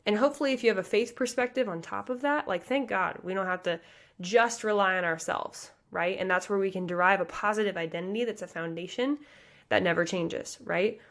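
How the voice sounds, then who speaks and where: Passionate fast-talking woman coach. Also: medium pitch, a bit bright. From US Midwest. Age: 30s. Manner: earnest, fast and passionate, with many "like" and "you guys" fillers. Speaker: pageant coach and podcast host. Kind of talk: motivational podcast monologue.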